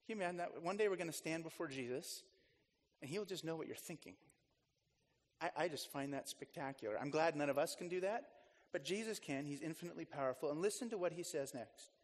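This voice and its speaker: A man's voice: on the high side, expressive, fast, big-room sound. A man preaching a conversational sermon as a pastor, chatty and storytelling, with restarts and side remarks.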